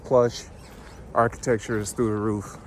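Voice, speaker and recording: A man's voice: lowish voice, little pitch movement, moderate pace, a little mellow, a little hiss or hum. A man talking casually to his camera while traveling, loose and profane, tossing out joking asides. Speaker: vlogger. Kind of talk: casual vlog talk.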